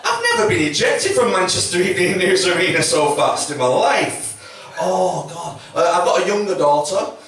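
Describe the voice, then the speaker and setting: His voice is high, animated, and a bit bright, moving at a moderate pace with few pauses as this comedian swears, mocks himself, and acts out quotes in a chatty club set. It's picked up from a distance in an echoey room with faint noise.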